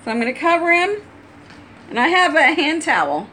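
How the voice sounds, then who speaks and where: A woman's voice: high voice, sing-song, normal speed, sharp tone, slight background noise. A woman talking casually at home, explaining step by step how she handles her pet bird, laughing often. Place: at home indoors.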